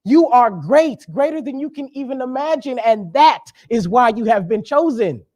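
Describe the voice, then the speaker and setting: A man's voice: very high-pitched, lively intonation, moderate pace, a little mellow. A young man giving a sermon as a guest speaker, conversational and joking, with emphatic preaching.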